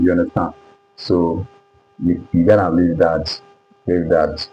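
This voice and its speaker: Male teacher from Nigeria, low mellow voice, lo-fi recording with faint music, drills words and checks understanding. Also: brisk. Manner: repeats words and keeps asking "do you understand?". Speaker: English pronunciation teacher. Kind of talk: classroom lesson.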